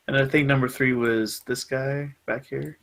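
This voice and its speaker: A man running a tabletop role-playing game as game master, explaining rules in a relaxed way and laughing easily. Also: medium pitch, unhurried, poor audio.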